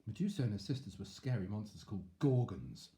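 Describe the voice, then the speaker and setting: A man's voice: on the low side, brisk. A man reading a picture book aloud to children, with chatty asides. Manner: animated, chatty asides to young listeners. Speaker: storyteller.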